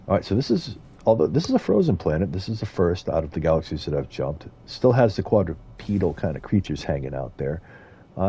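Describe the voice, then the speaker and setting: A man's voice: sits low, vocal fry, dark tone, slightly rough. A man streaming a video game, chatting casually and rambling with frequent chuckles. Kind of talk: casual gameplay commentary.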